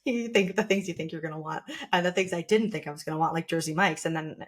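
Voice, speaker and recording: Young woman, podcast host, chatty storyteller, voice sits a little low, loose and conversational. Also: fast. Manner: chatty, with frequent "like" fillers and quoted asides. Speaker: podcast host sharing her birth story.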